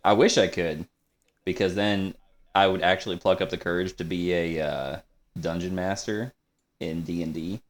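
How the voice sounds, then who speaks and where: A man's voice: low-pitched, fairly even intonation, moderate pace. A young adult man co-hosting a podcast in casual chat, laid-back and self-deprecating. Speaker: podcast co-host.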